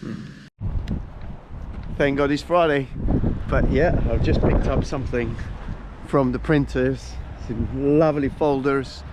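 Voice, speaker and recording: A man's voice: medium pitch, slow pace, pauses often, noisy background. A man hosting a vlog, enthusiastically walking viewers through properties and building work and explaining as he goes. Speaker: property consultant vlogger.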